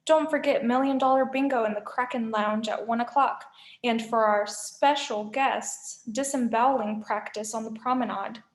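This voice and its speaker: A woman's voice: on the high side, steady tone, lightly acted. A woman voicing a male cruise-ship announcer who sounds far too happy over the intercom. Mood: chirpy. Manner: chirpy, slow announcing. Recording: echoey room.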